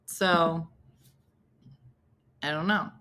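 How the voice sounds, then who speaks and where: A woman's voice: low-pitched, fairly even intonation, drawn-out words, bright, forceful tone. A middle-aged woman hosting a casual comedy morning show, telling stories and acting out quotes in a sing-song voice. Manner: chatty storyteller who acts out quotes in sing-song voices.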